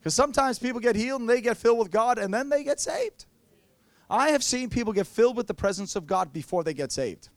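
A man's voice: extremely high pitch, expressive, fast talker, no echo. A man preaching a sermon, telling playful stories and acting out quotes. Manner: playful storytelling with acted-out quotes.

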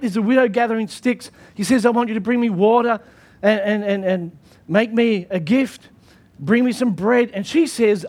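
A man's voice: sits high, darkish tone. A man pastor preaching a sermon in an emphatic style, often repeating his phrases.

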